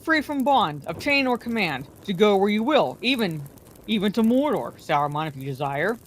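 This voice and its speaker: A woman's voice: mid-range voice, very animated, normal speed, a little hiss or hum, close to an everyday voice. A woman reading aloud, voicing an old male wizard who speaks sternly and with authority. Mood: calm. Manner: stern and commanding.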